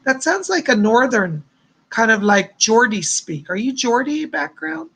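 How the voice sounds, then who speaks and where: A man's voice: very high voice, big pitch swings, unhurried, vocal fry, sharp tone, breathy edge. A man hosting a live stream of psychic readings, chatty and effusive, reading out viewers' messages and showering them with thanks and blessings. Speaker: psychic host.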